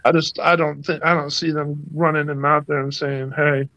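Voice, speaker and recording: Man, gravelly, hedging opinions, casual sports podcast, slightly muffled lo-fi mic. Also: a little high, little pitch movement, moderate pace, pushed and bright, no echo. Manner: hedging, offers personal opinions. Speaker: podcast guest. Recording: dry, slightly dull lo-fi mic.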